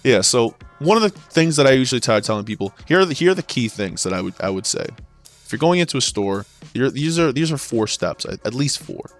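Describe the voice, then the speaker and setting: A man's voice: medium pitch, big pitch swings, a little fast, faint music behind. A man ranting about his years working in sales, exasperated and swearing as he rambles through stories and restarts. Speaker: former sales associate. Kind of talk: profane ranting monologue.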